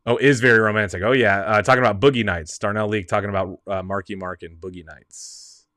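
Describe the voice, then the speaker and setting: A man hosting a casual film show, with a bright, forward voice in a dry room. He rambles through his points, trails off and laughs along the way. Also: lowish voice, steady tone, fairly quick, no echo. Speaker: host. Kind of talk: casual movie talk.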